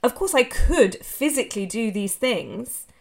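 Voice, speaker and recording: A woman's voice: a little high, lively intonation, unhurried, vocal fry, darkish tone. A woman with an Australian accent hosting a podcast in a casual solo monologue, speaking candidly, swearing freely and rambling in long run-on sentences, recorded live on a phone. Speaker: podcast host. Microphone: phone, live on social media.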